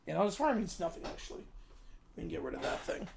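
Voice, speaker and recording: A man's voice: high-pitched, animated, fast, gravelly, background noise. Man mumbling asides on a livestream. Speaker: livestream host. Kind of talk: casual livestream chat.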